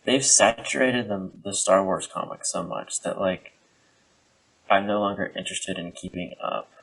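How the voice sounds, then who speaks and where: A man co-hosting a podcast in casual, rambling chat, joking and filling pauses with "like" and "um". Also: sits low, gravelly, a bit bright, slightly rough, low-quality recording. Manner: rambling, jokey, many fillers. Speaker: podcast co-host.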